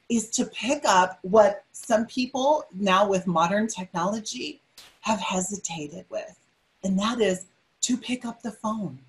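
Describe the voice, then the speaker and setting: A middle-aged woman giving a motivational webinar talk, energetic and emphatic, often repeating her key phrases. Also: mid-range voice, rough recording. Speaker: webinar speaker.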